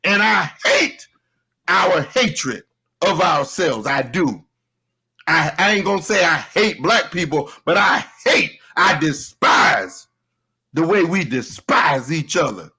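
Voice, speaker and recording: A man's voice: fairly high pitch, big pitch swings, slow pace, bright, forceful tone, husky, low-quality recording. A man hosting a show, delivering a heated, profane commentary rant with emphatic, laughing delivery.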